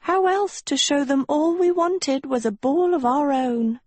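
A woman doing a high, wistful young witch turned hag. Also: big pitch swings, slow, darkish tone, no room sound, exaggerated voice. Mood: pleading.

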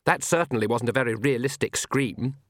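A man's voice: mid-range voice, a little fast, a bit bright, no room sound, studio quality, close to an everyday voice. A man voicing a spoiled young vampire woman, airy and sardonic.

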